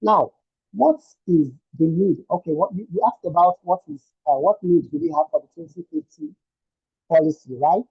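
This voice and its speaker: A man's voice: high-pitched, very animated, moderate pace, creaky, husky, no room sound. Emphatic man on a muffled call. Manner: emphatic, repeats points with rhetorical questions. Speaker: senior lecturer and researcher. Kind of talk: online panel discussion. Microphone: video call.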